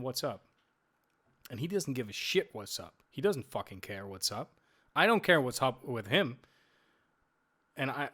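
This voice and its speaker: A man on a casual podcast, ranting about a coworker with plenty of swearing. He trips over his words and restarts sentences as he gets worked up. His voice sits at an ordinary middle pitch. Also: a bit bright. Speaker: podcast co-host. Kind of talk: casual chat. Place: lives in Amsterdam.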